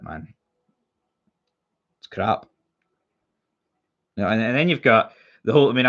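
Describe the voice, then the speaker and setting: The audio is dull, carrying a young Scottish man's lowish, bright, forceful voice. He rants about football in casual live-stream chat, blunt and heated, with free swearing and plenty of repetition.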